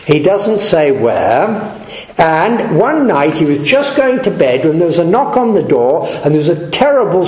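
An animated male preacher tells a story in his sermon, his voice rising and falling a good deal in a fairly high register. The sound is echoey and dull, like an old lo-fi church tape. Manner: animated, with lots of quoted dialogue.

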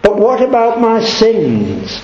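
A man voicing a dying woman who asks quietly and earnestly how to be saved. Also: sits high, huge pitch swings, slow, echoey room, lo-fi sound, slight background noise, pitched above the performer's own voice, full character voice. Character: dying woman, weary and repentant.

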